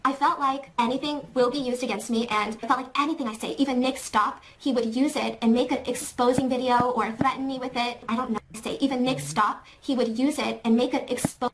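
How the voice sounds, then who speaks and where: A woman in a played clip telling a personal story, shaken and halting as she searches for words. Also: on the high side, steady tone, slight background noise.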